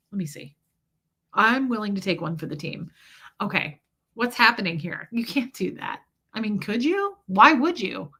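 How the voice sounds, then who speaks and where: Bright, animated woman streamer. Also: medium pitch. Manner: animated storytelling, reads chat aloud, swears casually. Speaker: live streamer. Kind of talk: casual live-stream chat.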